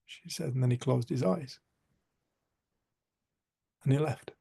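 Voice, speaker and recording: A man's voice: mid-range voice, a little slow, vocal fry, dark tone, husky. A middle-aged man, leading a group and telling a personal story in an earnest, heartfelt way, often dropping to a near-whisper, heard over a video call. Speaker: group facilitator.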